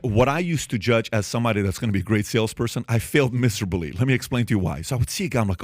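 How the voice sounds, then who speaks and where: Podcast host guy, lively up and down voice, keeps repeating himself to make the point, dry close sound. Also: mid-range voice, rapid-fire, hardly any pauses, dry recording. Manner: repeats himself, builds examples step by step. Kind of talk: animated debate.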